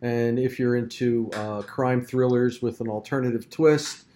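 Male podcast co-host, casual and gushing, average pitch. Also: steady tone, a little slow, warm tone, slight background noise. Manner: effusive, jokey. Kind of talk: casual chat.

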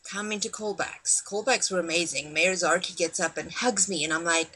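A woman actress as an interview guest, telling a story in a lively way with frequent fillers. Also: on the low side, normal speed, slight background noise.

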